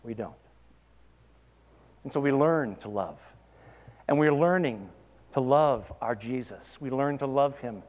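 A man's voice: mid-range voice, unhurried, pauses often, darkish tone, in a large hall, lo-fi sound. A man preaching a sermon, asking his listeners pointed questions and building to emphatic peaks. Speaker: pastor.

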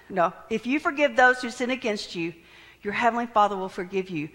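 A woman's voice: a little high, animated, moderate pace, a bit bright. A woman preaching a sermon who acts out the prayers she quotes and drops some lines to a near whisper. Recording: long reverb of a large hall.

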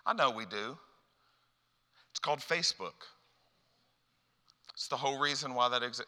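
A man preaching a sermon to a youth gathering, animated and rhetorical, often repeating words as he builds up steam. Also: medium pitch, normal speed, long pauses, long reverb tail.

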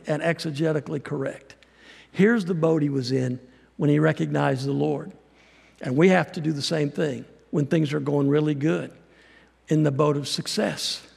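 A man preaching a sermon as a pastor, folksy and animated, acting out quotes as he goes. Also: fairly high pitch, creaky, in a large hall. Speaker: pastor and missionary.

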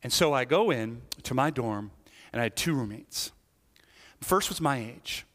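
A man giving a sermon testimony, telling his story with lively acted-out asides. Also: medium pitch, moderate pace. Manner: animated storytelling, acting out his younger self. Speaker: pastor. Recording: long hall reverb.

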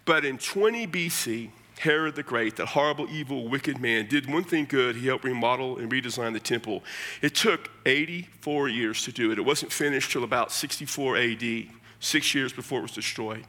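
An American man preaching a sermon, explaining scripture in an animated, conversational way with casual asides. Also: medium pitch, normal speed. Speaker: pastor.

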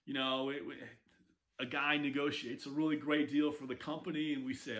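A man preaching a sermon, telling stories with lively acted-out quotes. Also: medium pitch, moderate pace. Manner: animated storytelling with acted quotes. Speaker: pastor.

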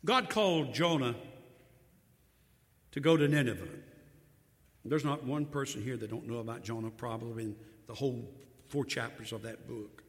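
A man's voice: medium pitch, normal speed, long pauses. A man preaching a sermon, telling the story in a folksy way with emphatic repetition, in a church hall. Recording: long hall reverb.

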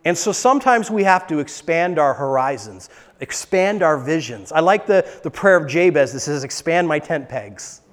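A male pastor with a notably high voice preaches at a moderate pace, very animated and emphatic, repeating words to press his points. Recorded in a church, his lines are trailed by long reverb from the spacious hall.

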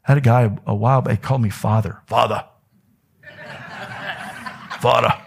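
A man preaching a sermon as a pastor in a church, telling stories with wide swings in pitch and dropping now and then to a whisper. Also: fairly even intonation, rapid-fire, darkish tone, a little hiss or hum. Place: church sanctuary.

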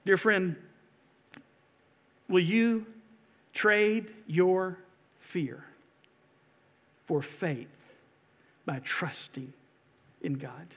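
Man, pastor, sermon, high-pitched, impassioned, loud and hushed by turns, reverberant sanctuary. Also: drawn-out words, pauses often, breathy edge. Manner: impassioned, rising to loud exhortation and dropping to hushed pleas.

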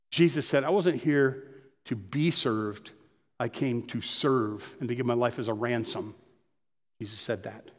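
A pastor telling personal stories in a conversational sermon. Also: male voice, medium pitch, big-room sound. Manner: storytelling, conversational.

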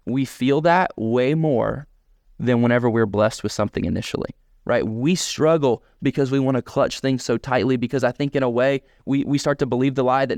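A man's voice: mid-range voice, no room sound. Man, pastor, conversational sermon, frequent "right?", dry recording. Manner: conversational, often asking "right?".

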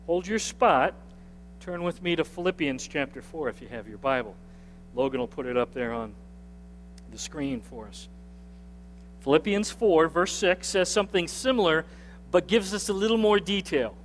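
This pastor's voice is fairly high and animated, moving at a normal speed with slight background noise behind it. He preaches conversationally in a sanctuary with a screen, repeating phrases and asking the congregation to answer back, all under a long hall reverb.

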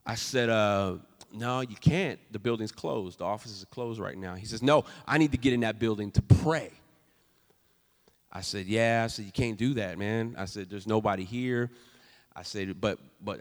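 A man's voice: lowish voice, moderate pace. Preaching man in a reverberant church. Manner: swings from loud preaching to soft, hushed storytelling. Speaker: pastor. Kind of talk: sermon. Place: church sanctuary.

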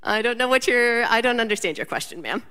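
A woman in her thirties preaching a sermon, telling a personal story and building to emphatic, animated lists. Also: a little high, quick pace, clean tone, big-room sound. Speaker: pastor.

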